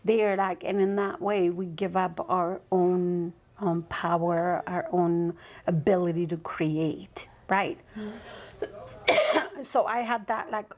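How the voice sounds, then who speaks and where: A woman appearing as a podcast guest tells a personal story, reflective and rambling, frequently checking in with "right?" in this casual interview. Her medium-pitched voice moves with fairly even intonation and a slightly slow pace.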